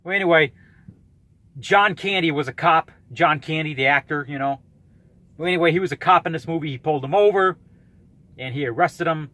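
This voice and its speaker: A man's voice: a little high, brisk, long pauses, pushed and bright, no room sound. A man in his thirties ranting in a vlog, blunt, combative and profane as he calls out a rival. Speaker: YouTuber calling out a rival.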